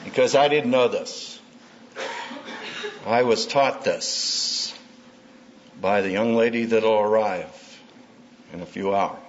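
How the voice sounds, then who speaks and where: A man's voice: lowish voice, takes it slowly, pauses often. A man preaching to an audience about marriage and family, punchy and humorous, acting out everyday scenes as he goes. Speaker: speaker at a Christian conference. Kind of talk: sermon. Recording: dull lo-fi tape with faint hiss.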